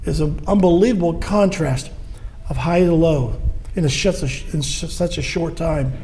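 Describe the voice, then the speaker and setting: A man's voice: a little high, measured pace, mellow, slight background noise. A man preaching a sermon in an earnest way, acting out quoted voices as he goes.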